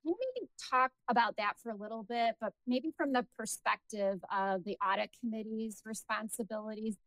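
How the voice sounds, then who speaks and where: A woman's voice: fairly high pitch, fairly even intonation, moderate pace, a bit bright, dry recording, poor audio. A woman as podcast host, asking interview questions in a conversational, affirming way.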